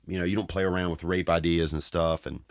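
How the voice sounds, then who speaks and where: A man's voice: low-pitched, fairly even intonation, fast, clean tone, dry recording, clean studio sound. A man with a Southern US accent telling a comic childhood story on his podcast, rambling and restarting his sentences with slangy asides. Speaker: podcast host. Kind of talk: comedic storytelling.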